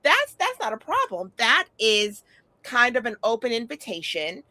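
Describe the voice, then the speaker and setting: A woman's voice: a little high, wildly swooping pitch, moderate pace, sharp tone, dry recording. A middle-aged woman talking in a casual chat, telling stories bluntly and animatedly, with frequent swearing.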